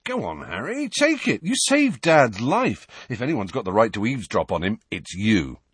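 A man's voice: medium pitch, huge pitch swings, moderate pace, breathy edge, no room sound. A man doing a cheeky teenage wizard twin.

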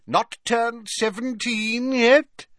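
A man's voice: extremely high pitch, fairly even intonation, fairly bright tone, no echo, studio quality, pitched above the performer's own voice, full character voice. A man voicing a genial, cheerful older male potions teacher in an audiobook. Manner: slow, airy and cheerful.

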